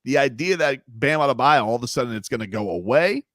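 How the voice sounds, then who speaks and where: Give me a male sports radio host, emphatic and lively, with a dry close-mic sound. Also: medium pitch, fast talker, no room sound. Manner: animated, emphatic, jumps between loud and quiet. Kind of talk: sports talk radio chat.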